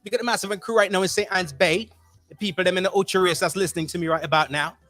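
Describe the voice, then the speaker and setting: A man hosting a radio show from home, giving lively slang-filled shout-outs and slipping into patois for fun, a little under the weather. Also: high voice, quick pace, soft background music. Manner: slips into Caribbean-style patois for fun. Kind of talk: energetic radio DJ chat. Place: at home, remote broadcast.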